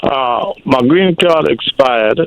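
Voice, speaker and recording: Polite guy calling in, halting, dry sound. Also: medium pitch, lively intonation, gravelly, clean tone, dry recording, low-quality recording. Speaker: caller. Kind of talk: phone-in question.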